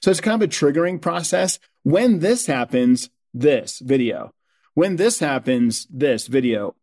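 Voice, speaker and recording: A man who is a company co-founder, speaking as a guest on a podcast in an energetic, persuasive way. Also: on the high side, unhurried. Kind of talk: podcast conversation.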